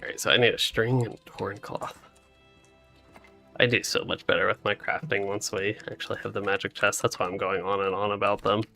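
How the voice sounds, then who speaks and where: Sleepy gravelly gaming streamer. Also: male voice, fairly low pitch, brisk, faint music behind. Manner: relaxed, rambling, laughs often. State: sleepy, yawning. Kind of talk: casual co-op gameplay chat.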